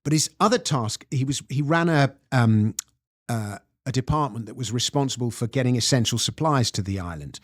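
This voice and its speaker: A man's voice: mid-range voice, no echo, clean studio sound. A man with an English accent, a guest author explaining history in a podcast interview with storytelling emphasis. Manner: storytelling, reads quotes aloud with emphasis.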